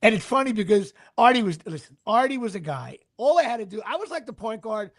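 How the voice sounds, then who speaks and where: Middle-aged male actor, high husky voice, rambling casual anecdotes. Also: big pitch swings, quick pace. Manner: rambling, restarts sentences, sports asides. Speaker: actor guest.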